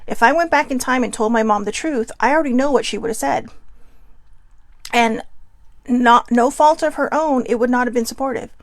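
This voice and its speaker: A woman's voice: fairly high pitch, moderate pace, no room sound. A middle-aged woman hosting a personal reflection show, talking in an earnest, musing way that keeps asking herself questions, her voice a little shaky from incense smoke. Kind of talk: casual reflective monologue.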